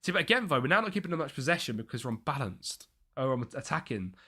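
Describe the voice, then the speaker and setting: Man, young, live game commentary, chatty, bright, pitch swings a lot. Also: fast, breathy edge. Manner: chatty, mutters and thinks aloud, excited bursts at chances. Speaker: streamer playing a football management game.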